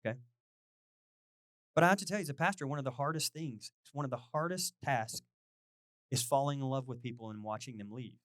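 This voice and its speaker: A middle-aged male pastor giving a chatty, animated sermon, poking fun at himself and acting out little conversations. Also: medium pitch, brisk, long pauses, no room sound, clean studio sound. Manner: animated, self-deprecating, quotes people in lively voices.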